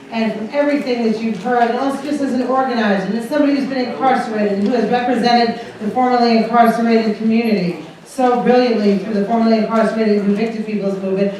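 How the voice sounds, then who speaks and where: A woman moderating a panel at a summit. She is gracious and measured. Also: on the high side, darkish tone, a little hiss or hum. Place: conference room at a summit. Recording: echoey hall, from far off.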